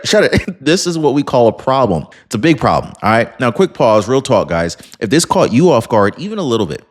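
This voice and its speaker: Animated man with a lively, swooping voice. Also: mid-range voice. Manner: animated, sarcastic, talks straight to viewers. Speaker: political commentary host. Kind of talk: casual political commentary monologue.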